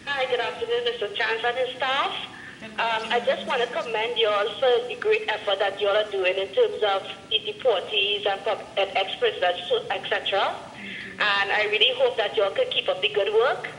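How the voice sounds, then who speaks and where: A woman's voice: medium pitch, fairly even intonation, moderate pace, fairly bright tone, slight background noise. A woman with a Trinidadian accent calling in to a show, polite and grateful. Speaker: caller. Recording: echoey phone line in a hall.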